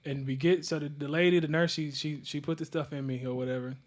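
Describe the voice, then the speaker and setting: Man, podcast host, casual chat, high voice, quick talker, playful storyteller. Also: fairly even intonation.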